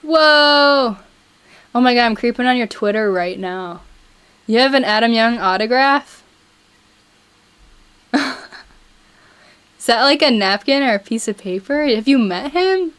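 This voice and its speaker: A woman in her twenties from Buffalo with a slight Buffalo accent, chatting casually and excitably with viewers on her live stream. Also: fairly high pitch, measured pace, pauses often, clean tone. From Buffalo, New York. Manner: chatty, excitable, reads viewer chat aloud. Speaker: musician streamer.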